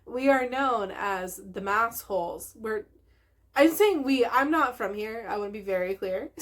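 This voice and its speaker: Woman host, casual vlog chat, bubbly and giggly, slightly high voice. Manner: bubbly, gushing, laughs often. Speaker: host of a knitting video podcast.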